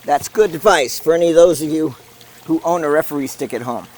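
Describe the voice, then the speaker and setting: A man hosting and calling a made-up game in a playful, deadpan announcer manner. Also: fairly high pitch, fairly quick, slight background noise. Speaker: host and commentator. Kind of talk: mock sports commentary.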